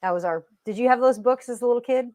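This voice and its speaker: A woman's voice: fairly high pitch, fast. A woman in her fifties co-hosting a casual live chat, rambling through stories with many restarts. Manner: warm, rambling storyteller with restarts. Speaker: co-host.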